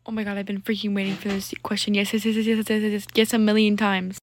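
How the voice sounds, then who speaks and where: A woman voicing an excited teenage girl who gushes with joy in a toy role-play story. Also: mid-range voice, fast talker, a little hiss or hum, natural voice. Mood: overjoyed. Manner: gushing, squealing with joy.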